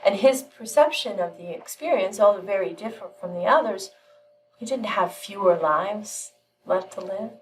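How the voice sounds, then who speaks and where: A woman giving a channeled spiritual teaching, telling a parable in a calm, measured way with frequent pauses. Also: mid-range voice, distant mic, a little hiss or hum, rough recording.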